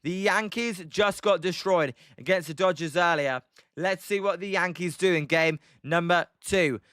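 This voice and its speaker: A man's voice: high voice, moderate pace, fairly bright tone, smooth, no echo, clean studio sound. A young British man giving casual play-by-play of a baseball game on a livestream, rambling with frequent ums and answering chat by name.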